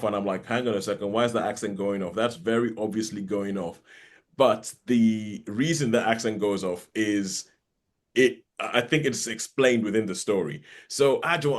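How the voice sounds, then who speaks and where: A man co-hosting a podcast, chatting casually and rambling with frequent restarts. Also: on the low side. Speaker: podcast co-host. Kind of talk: casual chat.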